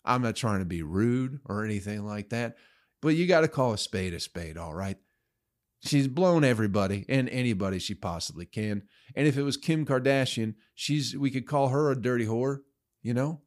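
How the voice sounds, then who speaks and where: A young man hosting a solo podcast, ranting crudely and sarcastically with profanity and sudden loud outbursts. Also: mid-range voice. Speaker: podcast host.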